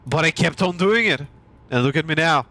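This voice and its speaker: A man's voice: on the high side, expressive, brisk, bright, forceful tone. A young man from Bulgaria, a streamer, ranting casually and profanely with a heated, mocking manner.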